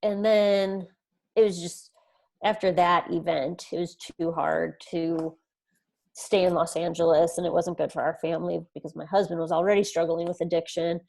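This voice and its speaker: A woman in her thirties speaks as a podcast guest, recounting her own story in an earnest way. Her voice sits a little low, and she slips into quoted dialogue as she tells it. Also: little pitch movement, moderate pace, gravelly, a little mellow. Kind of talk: personal storytelling in an interview.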